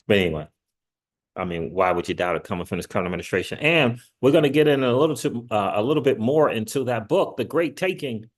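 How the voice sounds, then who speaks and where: Male channel host, casual and rambling, animated with frequent laughs and sudden excited rises in pitch. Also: fast talker. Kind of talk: casual livestream commentary.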